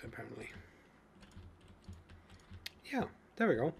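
Here a let's play gamer talks through his survival gameplay in a mid-range, creaky voice at a moderate pace. It's casual commentary, thinking out loud with many fillers and false starts, and a little hiss or hum sits underneath.

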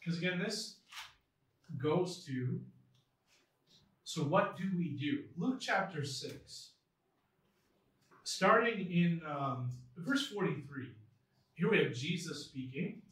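Man, pastor, sermon, high bright voice, echoing church hall, mic far off. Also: animated, slow pace, long pauses. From United States. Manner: earnest, reads scripture aloud with emphasis. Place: church sanctuary.

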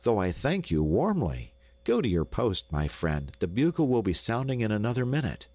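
A man voicing a courteous, well-bred teenage boy racer in an audiobook, speaking warmly and in a hurry. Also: fairly low pitch, sing-song, moderate pace, no echo. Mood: refusing. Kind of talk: audiobook character voice.

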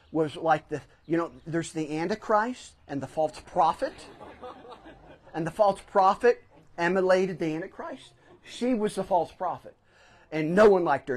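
A middle-aged pastor preaching in a church, his voice sitting a little high for a man. He tells a story from his own life and leans hard on the phrases that matter. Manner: storytelling, emphatic swells on key phrases. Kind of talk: sermon. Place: church sanctuary.

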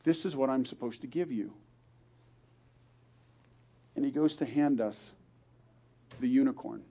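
An older man, a grandfather appearing as a guest speaker at a church service, tells an earnest story and performs the voices of the people he quotes. His voice is medium-pitched and dark in tone, and he speaks unhurriedly.

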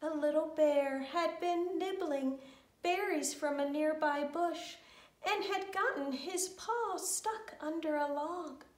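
A woman telling a children's story in a slow, gentle way, with sung refrains. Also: sits high, roomy sound, recorded from a distance.

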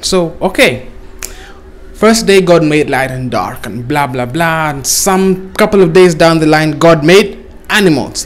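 A man telling a comic story casually, swearing and laughing at his own jokes. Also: fairly high pitch. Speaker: comedian. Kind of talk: comedic storytelling.

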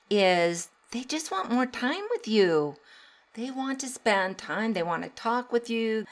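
A middle-aged woman talks through a solo podcast in a chatty, easygoing way. Her voice sits at an ordinary pitch, and laughter often breaks into her lines. She grows animated whenever she acts out a moment. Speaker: podcast host and teacher. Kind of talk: casual solo podcast advice.

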